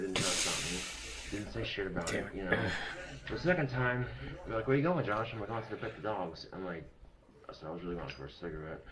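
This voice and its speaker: A young man bluntly retelling a story to camera, profane and animated. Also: low voice, rough recording.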